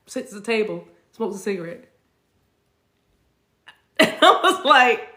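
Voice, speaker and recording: Woman spiritual coach, animated and chatty, a little high, echoey room. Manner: animated, conversational, laughs often. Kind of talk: casual spiritual talk.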